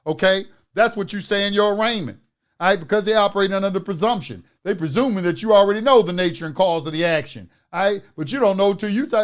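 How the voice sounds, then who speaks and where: High-voiced man ranting in a live class. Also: fast talker. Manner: profane, preachy, swings from loud ranting to muttering. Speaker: instructor of an online class. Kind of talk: live online lecture.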